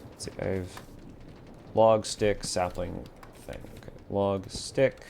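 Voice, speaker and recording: A man with a low, gravelly voice talks casually through a live game stream from a warm room at home, half muttering to himself and half chatting with viewers. Keyboard typing and steady noise sit under his voice. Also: takes it slowly.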